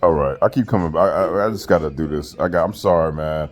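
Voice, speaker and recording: A man's voice: very deep voice, quick pace. A man giving a profane, mocking rant while reviewing a wrestling show. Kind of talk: casual rant.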